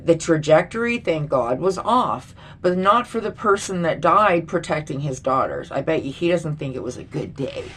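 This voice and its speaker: A woman's voice: low-pitched, expressive, normal speed, few pauses, a bit bright, slight background noise. A middle-aged woman vlogger ranting bluntly and with lots of swearing in a casual commentary. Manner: blunt, profane, indignant.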